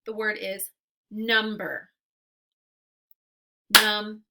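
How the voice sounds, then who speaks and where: With a mid-range voice, a woman teacher patiently guides young children through phonics, carefully stretching sounds and syllables. There's a lot of noise in the recording.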